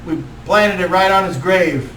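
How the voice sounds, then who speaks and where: A man's voice: sits high, measured pace, a bit bright, pitched above the performer's own voice. A man voicing a laid-back, partying stoner archdruid who talks in drawling slang. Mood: mellow. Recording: echoey room, mic from far off, faint noise.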